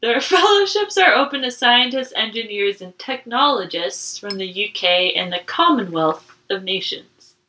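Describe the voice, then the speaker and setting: A woman's voice: a little high, animated, normal speed, bright, forceful tone, low-quality recording. A woman co-hosting a casual podcast, laughing often as she reads out trivia questions. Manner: giggly, reads trivia notes aloud. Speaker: podcast co-host. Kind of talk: casual chat.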